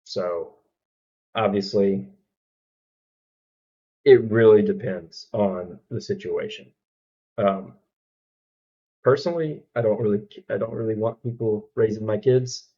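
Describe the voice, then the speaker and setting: A man's voice: lowish voice, takes it slowly, long pauses, dark tone, breathy edge, lo-fi sound. A man from Alabama with a Southern accent, hosting a reaction video in an easygoing, thoughtful way with frequent fillers. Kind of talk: casual reaction commentary.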